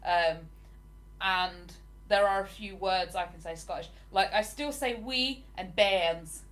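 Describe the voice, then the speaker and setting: An English woman in her forties hosts a livestream, chatting casually with viewers and answering their comments. Her voice is mid-range and fairly bright, and she speaks slowly.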